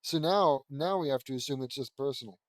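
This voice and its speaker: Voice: medium pitch, a little fast, no echo. Sarcastic reader laughing through a fan fiction. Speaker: host reading fan fiction. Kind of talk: comedic reading with commentary.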